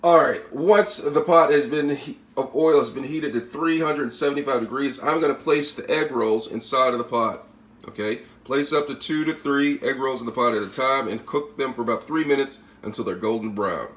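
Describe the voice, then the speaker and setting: A man's voice: mid-range voice, moderate pace, fairly bright tone, echoey room. A man with a Spanish accent giving a casual step-by-step cooking demonstration, often checking in with "all right?" and "okay?". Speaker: cooking channel host.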